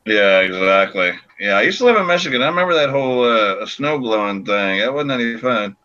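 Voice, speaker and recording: A man's voice: mid-range voice, animated, fairly quick, sharp tone, lo-fi sound. A man hosting a casual beer chat, joking and laughing often. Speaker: podcast host.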